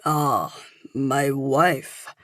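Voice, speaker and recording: A woman voicing a friendly older French man in an audiobook, speaking with a thick French accent and pausing to hunt for English words. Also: a bass voice, steady tone, dry recording, studio quality, full character voice. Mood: kindly.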